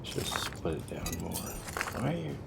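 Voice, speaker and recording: A man's voice: sits low, sing-song, a little slow, creaky, heavy background noise. A man streaming a game, chatting casually with viewers while he plays, rambling and swearing freely. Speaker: livestreamer.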